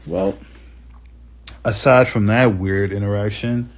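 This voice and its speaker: A man hosting a podcast, talking in a halting, emotional, rambling way. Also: fairly low pitch, steady tone. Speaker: podcast host. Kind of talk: casual monologue.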